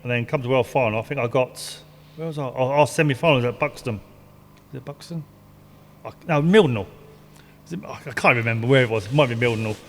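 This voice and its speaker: A man's voice: mid-range voice, quick pace, long pauses. An older man, a retired stock car driver, telling rambling racing stories with laughs and swearing. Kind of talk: casual storytelling interview. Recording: long hall reverb.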